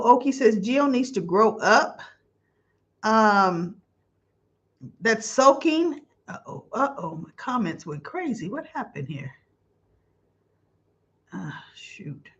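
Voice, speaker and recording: Hosting a live soap opera commentary stream, this woman speaks on the high side, with lo-fi sound quality. She's effusive and emotional, reading viewer comments out loud, chatting casually, and stretching out her exclamations.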